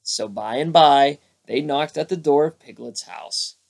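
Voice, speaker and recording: A man reading a children's storybook aloud as a bedtime story, with lively character voices. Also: fairly high pitch, unhurried, vocal fry. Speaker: storybook narrator.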